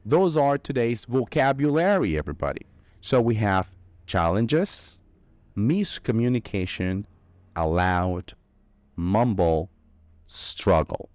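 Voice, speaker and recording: Male English teacher, lowish voice, dry close sound, emphatic delivery. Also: big pitch swings, a little mellow, no room sound. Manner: slow, emphatic explaining with drawn-out key words. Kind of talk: vocabulary lesson.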